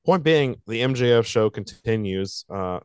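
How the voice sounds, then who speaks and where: A man's voice: medium pitch, lively intonation, unhurried, smooth, dry recording. A man co-hosting a wrestling podcast, recapping the week's shows in a laid-back, sarcastic way with lots of fillers. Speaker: podcast co-host. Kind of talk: casual wrestling podcast chat.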